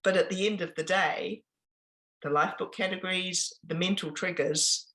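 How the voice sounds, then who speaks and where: A woman giving an informal business presentation, chatty and pausing often with ums and restarts. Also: lowish voice, steady tone, fairly bright tone, rough recording. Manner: conversational, with frequent ums and restarts.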